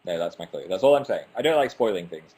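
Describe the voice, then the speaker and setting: A man's voice: low-pitched, animated, quick pace, dark tone. Chatty young man on a livestream. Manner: chatty and self-mocking, trips over words. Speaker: livestream host. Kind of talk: casual livestream chat reading viewer comments. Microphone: webcam.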